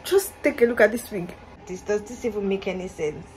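A woman's voice: mid-range voice, a little fast, darkish tone, slight background noise, rough recording. A young woman vlogging candidly in casual, slangy talk from her hostel room, recorded on a phone camera. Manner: candid, upset and ranting, slangy. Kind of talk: casual vlog chat.

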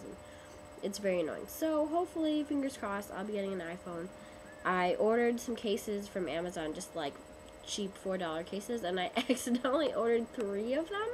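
A woman's voice: mid-range voice, noisy background. A young woman who is sick and losing her voice, chatting in a rambling, casual webcam vlog. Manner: chatty, rambling, lots of ums. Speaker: vlogger.

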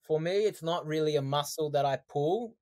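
A man, a podcast guest telling his story in casual, animated chat, laughing often. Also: fairly high pitch, moderate pace. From Australia.

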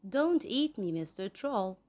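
A woman voicing the middle billy goat, who bargains calmly with a troll in a children's story. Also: medium pitch, a little slow. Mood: bargaining.

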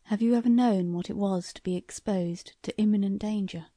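A shrewd, eager older lord speaks in a lowered, softened voice, as a woman reads him. He probes politely and sounds mellow and close to the mic, in a dry room. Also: moderate pace, no echo, lightly acted. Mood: probing. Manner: courteous, probing, soft-spoken.

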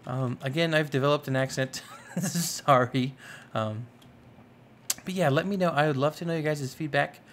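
Young male gaming host, chatty and easily hyped, slightly high voice, faint hiss. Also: normal speed. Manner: excitable, rambling, full of fillers. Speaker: gaming YouTuber. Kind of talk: casual Minecraft let's play commentary.

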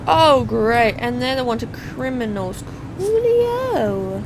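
A woman's voice: a little high, unhurried, noisy background. A woman hosting a let's play, chatty and self-mocking as she works through the game. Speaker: gaming channel host.

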